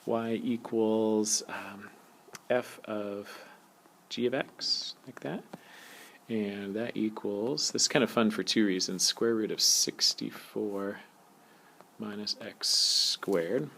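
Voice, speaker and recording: A man teaching a calculus lesson in a relaxed, joking way, talking as he writes. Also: fairly low pitch, slow pace, gravelly, a little hiss or hum. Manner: relaxed, jokey, talks while writing. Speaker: math teacher. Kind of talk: recorded calculus lecture. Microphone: tablet screencast mic.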